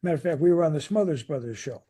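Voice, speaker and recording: An older man with a Chicago accent tells stories as a guest in an interview. His voice sits a little high but sounds husky and mellow. He restarts phrases often as he talks. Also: very fast. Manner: animated anecdotes with restarts. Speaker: guest musician. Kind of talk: casual interview storytelling.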